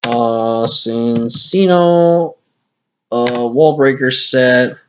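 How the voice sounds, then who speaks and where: Tired and hiccuping, a male gaming commentator talks casually over a game replay, rambling and correcting himself. He speaks very slowly at medium pitch, recorded on a lo-fi screen-capture mic with slight hiss or hum.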